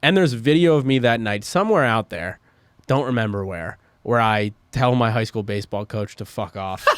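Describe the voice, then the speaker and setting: A man's voice: fairly low pitch, moderate pace, clean tone, no echo. A young man co-hosting a podcast, telling rambling stories full of fillers and swearing in casual chat. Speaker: podcast co-host.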